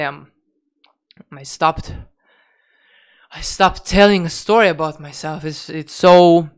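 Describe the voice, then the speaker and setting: Profane, blunt man with a smooth voice. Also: high voice. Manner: profane, blunt, many restarts and fillers. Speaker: diet vlogger. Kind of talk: unscripted rant to camera.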